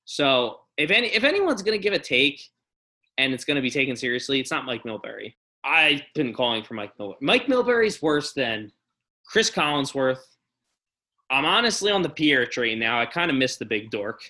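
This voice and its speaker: A man's voice: medium pitch, big pitch swings, moderate pace, sharp tone. A young man hosting a casual podcast, ranting in a blunt, profane way. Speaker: podcast host.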